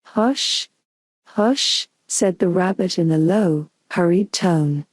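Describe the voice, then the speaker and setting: Woman narrator, soothing bedtime story, low pitch, dry close recording. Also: dry recording. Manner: calm, soothing and unhurried. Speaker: audiobook narrator.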